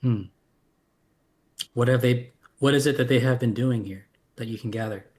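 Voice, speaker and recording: A man playing a tabletop role-playing game, thinking aloud with many pauses and fillers. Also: medium pitch, a little mellow. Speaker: player.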